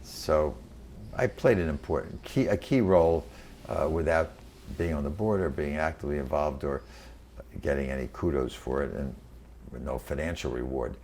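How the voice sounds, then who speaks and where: A man in his eighties from New York City, recalling his career in a halting oral history interview full of fillers and restarts. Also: a bass voice, darkish tone, slight background noise. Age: 80s. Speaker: interviewee, venture capitalist. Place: quiet room.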